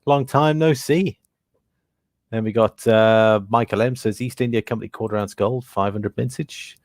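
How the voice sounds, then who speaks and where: Low-voiced British man hosting a livestream. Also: moderate pace, no echo. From Britain. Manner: relaxed, thinks aloud with many fillers, reads out viewer comments. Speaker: livestream host. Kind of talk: casual livestream commentary.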